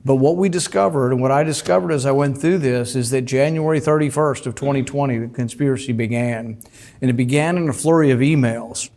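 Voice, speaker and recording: A man speaks about his own book in a deliberate, emphatic manner, pausing on "uh" fillers. His voice sits at an ordinary middle pitch for a man. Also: darkish tone. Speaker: author discussing his book.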